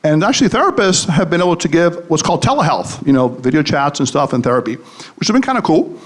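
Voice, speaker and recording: Animated, high-voiced male comic speaker. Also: fast talker. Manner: joking, anecdote-telling, engages the audience. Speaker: psychologist and podcast host giving a live talk. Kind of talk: comedic motivational speech.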